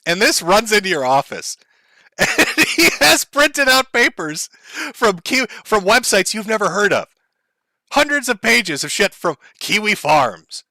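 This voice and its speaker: Male streamer host, crude mocking commentary, bright tense tone, dry close sound. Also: high voice, sing-song, measured pace, vocal fry, dry recording. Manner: mocking, crude, laughs often. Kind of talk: profane comedic commentary.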